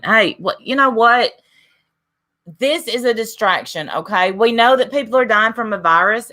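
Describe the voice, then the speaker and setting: A woman's voice: low-pitched, sharp tone. A woman in her forties hosting a casual livestream, chatting and reading viewer comments aloud. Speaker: livestream host reading chat.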